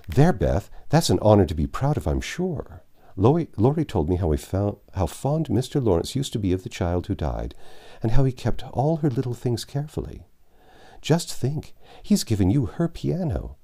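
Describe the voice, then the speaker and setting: A man's voice: lowish voice, very animated, moderate pace, warm tone, voice pushed up. A man voicing a spirited, tomboyish teenage girl in a storybook reading, speaking eagerly.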